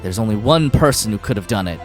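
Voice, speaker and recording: A woman streaming a game, reading the dialogue aloud with drama and bursting into excited shrieks. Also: very deep voice, fast, faint music behind. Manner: reads lines dramatically, breaks into loud excited shrieks and laughter. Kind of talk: live-stream game playthrough with voiced lines.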